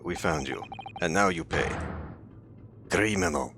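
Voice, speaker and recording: A stern ship officer with a heavy put-on Russian accent, done by a man reading a game aloud. He talks low and slow, pressing his accusations. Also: background noise. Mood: accusing.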